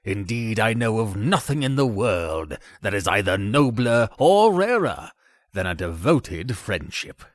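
A man's voice: lowish voice, very animated, measured pace, no room sound, studio quality. A man voicing a pompous, self-important old male water rat in a storybook reading.

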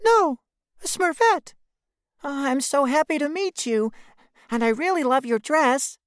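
A man voicing Smurfette, a small sweet female Smurf, in a storybook reading, with a very high squeaky put-on voice. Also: animated, unhurried, no room sound, studio quality. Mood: friendly. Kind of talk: storybook read-aloud.

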